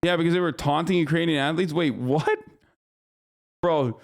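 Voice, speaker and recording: At a moderate pace, a man whose voice sits on the high side livestreams casual commentary. He rambles and restarts frequently while ranting in a profane, exasperated manner.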